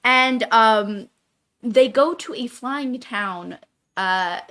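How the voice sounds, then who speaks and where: A woman's voice: fairly high pitch, very slow, fairly bright tone. Blunt, playful woman podcast co-host. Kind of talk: casual book-club chat.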